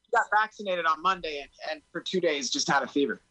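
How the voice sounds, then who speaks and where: A woman's voice: low-pitched, expressive, fast, a bit bright, no echo, rough recording. A young woman chatting on a video call with wry, sardonic humor. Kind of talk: casual chat.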